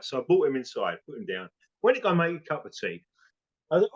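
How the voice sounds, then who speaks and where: A man's voice: mid-range voice, fast, husky. A man casually telling a funny story, acting out what people said. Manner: animated anecdote with acted-out quotes. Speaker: family member telling a story. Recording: dull lo-fi recording.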